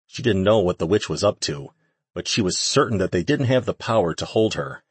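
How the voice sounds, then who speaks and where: A man narrating a fantasy audiobook in a steady, even reading. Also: deep voice, moderate pace, breathy edge, dry recording. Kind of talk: scripted narration.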